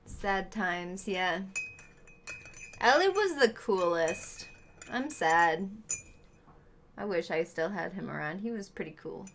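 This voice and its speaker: A woman game streamer with a bright, forceful voice chats her way through a play session. She takes her time, talking in an unhurried way to viewers and to friends nearby. A faint hiss sits under her voice. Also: fairly low pitch, expressive. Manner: chatty, talks to viewers and friends in the room. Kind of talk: casual chat while playing a video game.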